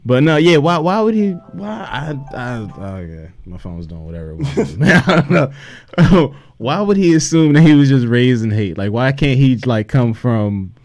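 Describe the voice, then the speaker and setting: A man's voice: mid-range voice, sing-song, moderate pace, a little mellow, no echo. A man co-hosting a casual movie podcast, laughing often and repeating himself as he talks. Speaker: podcast co-host.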